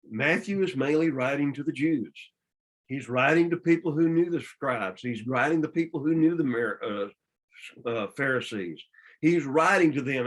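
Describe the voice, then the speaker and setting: A man with a Southern US accent leads a church Bible study, his voice sitting a little higher than most. He explains scripture patiently, often restarting and repeating words as he works through a thought. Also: rough recording. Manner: explanatory, with frequent restarts and repetitions.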